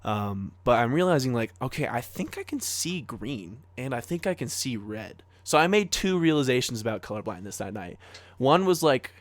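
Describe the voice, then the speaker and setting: This young man, a co-host on a podcast, spins a casual story full of filler "likes" and swearing, staying animated throughout. The recording is dry, and he speaks at a moderate pace with a medium-pitched voice.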